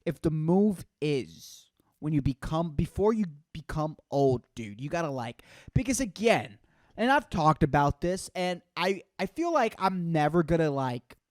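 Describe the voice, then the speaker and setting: A man's voice: on the high side, very animated, unhurried, a little mellow, no room sound. Twenty-something dude ranting on his podcast, cursing a ton, rambly, dry close sound. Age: 20s. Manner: profane, rambling, lots of "dude" and "man". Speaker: podcast host. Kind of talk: solo comedic rant.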